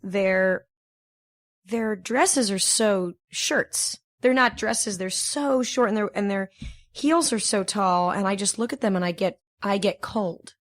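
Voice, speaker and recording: A woman talking as a podcast guest, chatty and quick to ask questions and joke. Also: medium pitch, no room sound, clean studio sound. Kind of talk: casual chat.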